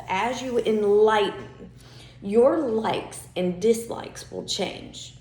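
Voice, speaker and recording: A woman's voice: mid-range voice, a little mellow. Woman coaching in a roomy echo. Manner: conversational, checks in with listeners with "okay?" and "right?". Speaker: spiritual coach and podcast host. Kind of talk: casual spiritual coaching talk.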